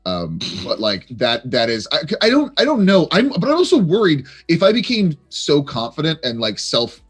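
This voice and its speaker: Husky-voiced man, rambling and animated. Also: fairly high pitch, normal speed, faint music behind. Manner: rambling, stammering restarts, playful. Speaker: chat show panelist. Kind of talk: casual chat on a live stream.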